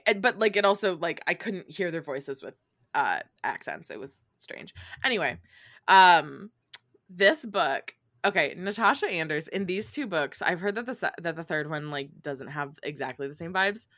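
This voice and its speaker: A woman's voice: on the low side, a bit bright. A woman co-hosting a podcast in casual chat, telling a story with many fillers and laughs.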